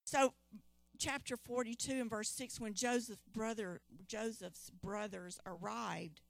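A woman with a slightly high, gravelly voice preaches at an unhurried pace, retelling a Bible story. She's lively, calling out questions to her congregation.

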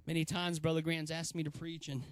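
A man preaching a sermon, filling pauses with "uh" and swelling to shouted emphasis. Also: fairly high pitch, flat delivery, no room sound.

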